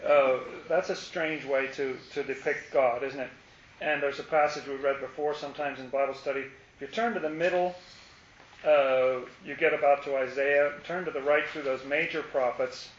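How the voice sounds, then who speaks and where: A man's voice: on the high side, fairly even intonation, moderate pace, roomy sound, muffled recording, a little hiss or hum. A man leading a casual Bible study, explaining passages with playful asides.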